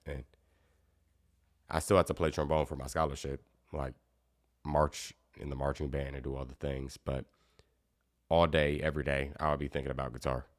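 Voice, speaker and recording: A man with an extremely deep voice teaching guitar in a laid-back live Q&A. He talks in a loose, friendly way and answers viewer comments as he goes. The sound is close and dry, with no room echo. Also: normal speed, pauses often. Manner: relaxed, chatty, reads out viewer comments. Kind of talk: casual live Q&A stream.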